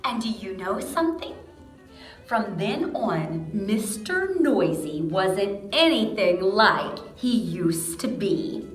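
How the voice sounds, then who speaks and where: A woman reading a picture book aloud to young children in a slow, animated storytelling voice, speaking to them directly. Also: medium pitch, soft background music. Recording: echoey room.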